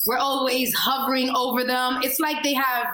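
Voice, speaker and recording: High-voiced New York woman, chatty. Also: level tone, normal speed, bright, forceful tone, roomy sound, slight background noise, rough recording. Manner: chatty, emphatic, laughs often. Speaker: singer, podcast guest. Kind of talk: casual interview chat.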